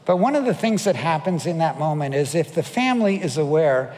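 A man's voice: a little high, sing-song, a little fast, a little mellow, in a large hall. A male pastor preaching a sermon, telling stories and acting out the voices of the people in them, often asking the audience questions. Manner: storytelling, acts out quoted voices, asks the audience questions.

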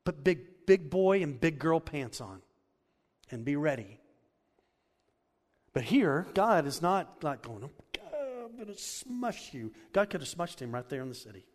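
A man's voice: on the high side, expressive, measured pace, pauses often. A male pastor preaching a sermon in an earnest, conversational and emphatic manner, in a church hall. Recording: echoey hall.

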